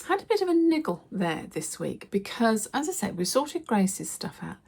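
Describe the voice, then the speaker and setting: A middle-aged woman, chatting to camera in a casual vlog and telling stories with lively acted quotes. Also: fairly high pitch, moderate pace, creaky, breathy edge. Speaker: lifestyle vlogger.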